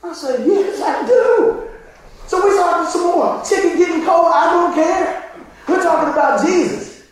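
Male pastor, sermon storyteller, animated with shouts; very high voice, big echo. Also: moderate pace, some chatter behind. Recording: very echoey hall, distant mic, faint noise.

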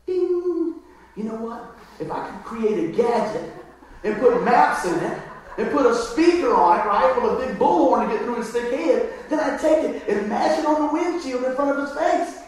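Man doing fed-up wife, scheming, high voice, echoey hall from far off. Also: animated, moderate pace, a little hiss or hum. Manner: plotting, mock-exasperated.

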